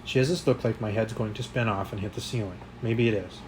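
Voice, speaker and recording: Man, audiobook narrator, low voice, measured, slight background noise. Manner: quiet, measured, occasional slips. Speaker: audiobook reader. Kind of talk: first-person novel narration.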